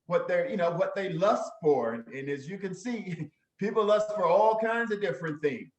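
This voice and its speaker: Talk show host, man, blunt and crude, high voice, echoey room sound. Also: expressive, normal speed. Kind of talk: casual chat.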